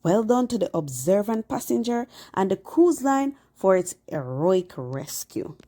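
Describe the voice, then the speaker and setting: A woman's voice: medium pitch, sing-song, unhurried, mellow. A woman narrating a cruise vlog in an explanatory, conversational way. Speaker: cruise vlogger.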